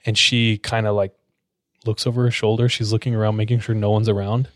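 Low-voiced man telling a creepy story. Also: level tone, dry recording, studio quality. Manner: suspenseful, drawn-out telling with many fillers. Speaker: podcast storyteller. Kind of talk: casual storytelling among friends.

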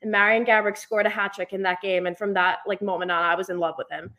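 A young woman co-hosting a casual podcast chat, telling animated stories and acting out what people said. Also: mid-range voice, fast talker, hardly any pauses. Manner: animated storyteller acting out quotes. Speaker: podcast co-host.

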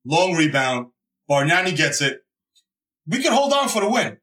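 Excitable high-voiced man from the Bronx. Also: normal speed, reverberant, distant mic. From the Bronx, New York. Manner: excitable, profane, acts out quotes with shouts. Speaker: guest. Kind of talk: animated casual storytelling.

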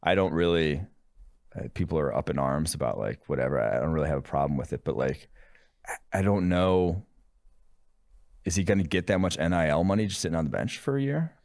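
A man with an extremely low, deep voice talks through his analysis in an easygoing, thinking-aloud way. The sound is dry and close, with no room around it. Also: lively intonation, fairly quick, creaky, darkish tone, dry recording. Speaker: podcast co-host, draft analyst. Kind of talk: casual sports chat.

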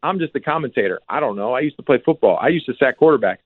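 A man's voice: lively intonation, rapid-fire, no room sound. A man, a former football player, giving emphatic sports analysis as a phoned-in guest on a radio show. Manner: emphatic, repeats names with rising pitch. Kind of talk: casual sports radio chat. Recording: tinny phone line, dry.

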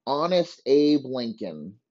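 A man's voice: medium pitch, very animated, slow, a little mellow, highs cut off. A man hosting a podcast, ranting profanely in a rambling comic monologue. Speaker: podcast host. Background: dogs barking.

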